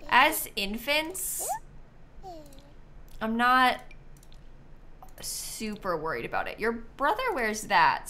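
A woman's voice: medium pitch, bright, forceful tone, slight background noise. A woman streamer chatting casually while she plays a life-sim game, thinking aloud and sounding a little sleepy. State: sleepy, yawning. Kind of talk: casual gameplay commentary.

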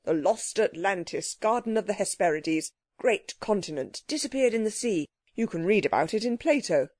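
A woman voicing a stout, prosperous man visitor who talks loudly and briskly. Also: expressive, dry recording, clean studio sound, close to an everyday voice. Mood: bluff. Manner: bluff, brisk, booming.

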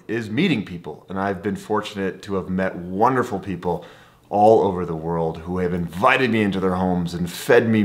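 A man's voice: deep voice, fairly bright tone. A man and travel vlogger telling a story to camera in an enthusiastic, conversational way.

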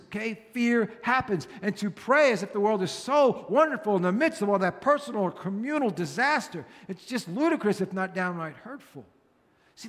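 Male pastor with a high voice, earnest conversational preaching, long hall reverb; fits a church sermon read. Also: a bit bright.

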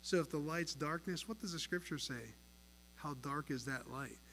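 A man preaching a sermon at an evening church service, earnest and emphatic, swinging between soft, low passages and louder pushes. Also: moderate pace, a little hiss or hum. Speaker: pastor. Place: church sanctuary. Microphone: pulpit mic.

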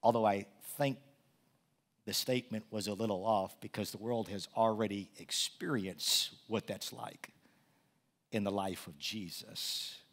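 A male pastor preaching a sermon to his church, often repeating words as he builds from calm teaching to loud, animated storytelling. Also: fairly low pitch, measured pace.

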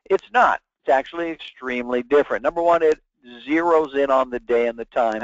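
A man's voice: medium pitch, brisk, dry recording. A man giving a webinar lecture as a sales trainer, talking emphatically and acting out sample phone calls. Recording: dull, dry lo-fi webinar audio.

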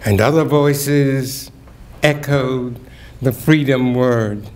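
An older man reads poetry at a community gathering, taking his time with each line. His delivery is declamatory, rising to ringing emphasis on key words before settling back into unhurried talk. His voice sits at an ordinary male pitch. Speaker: keynote speaker reading poetry. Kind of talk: dramatic poetry reading and lecture. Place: event hall at a community breakfast.

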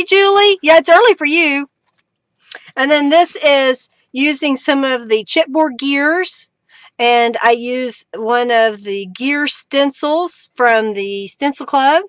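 A woman's voice: fairly high pitch, pushed and bright, no echo. A woman hosting a live crafting stream, chatting casually as she works and greets viewers. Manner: chatty, reads out viewer comments with bursts of cheer. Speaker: crafting livestream host.

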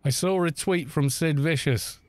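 A man's voice: fairly high pitch, measured pace, no echo. A British man in his thirties chatting casually on a live game stream, telling stories and laughing often. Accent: British English. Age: 30s. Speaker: gaming streamer. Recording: faint music behind.

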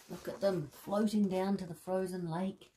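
A woman reading a bedtime story aloud to children, expressive, with soft gasps and friendly asides. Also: lowish voice.

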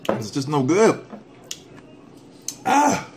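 A man's voice: medium pitch, moderate pace, background noise. Man vlogging a hot sauce challenge. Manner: animated, joking, breaks into whoops and coughs. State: mouth burning from hot sauce. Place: at home.

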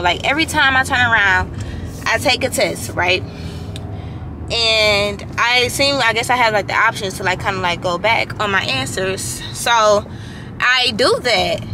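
A young woman vlogging from inside a car, venting frankly about a test. She swears freely, leans on "like" a lot, and sounds stressed and tired. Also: on the high side. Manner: frank, swears freely, heavy use of filler "like". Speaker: student vlogger. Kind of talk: casual venting vlog. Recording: steady car noise behind.

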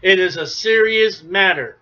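High bright-voiced preacher, lo-fi sermon recording. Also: male voice, a little slow. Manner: emphatic, rising to near shouts then dropping low. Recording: dull lo-fi recording.

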